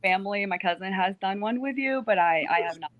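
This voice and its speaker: A woman who is a guest on a live stream, hoarse from losing her voice, answering briefly and hesitantly. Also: medium pitch, expressive, brisk, phone-quality sound, slight background noise.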